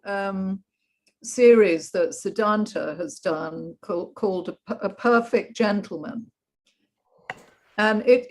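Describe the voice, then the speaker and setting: A woman joining a video call chat, talking enthusiastically and effusively. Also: mid-range voice. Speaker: participant. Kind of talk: casual chat.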